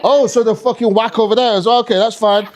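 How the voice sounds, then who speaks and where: High-voiced British stand-up comedian. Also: male voice, quick pace. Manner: animated, swearing, slips into mock French voices. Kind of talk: live stand-up comedy set. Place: comedy club stage.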